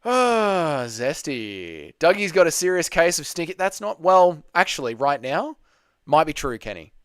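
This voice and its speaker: A man's voice: a little high, moderate pace, a bit bright, dry recording, studio quality. A man hosting a casual livestream Q&A, reading chat questions aloud and bantering back.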